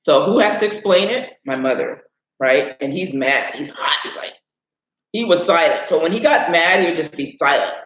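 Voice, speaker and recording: A man with a fairly high voice, from Illinois, hosts a live stream and tells a long, meandering family story. He keeps looping back with "anyways" and "right?". The sound is dull and echoes around the room. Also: lively intonation, normal speed, a bit bright. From Illinois, USA. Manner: rambling, with frequent "anyways" and "right?". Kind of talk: casual storytelling.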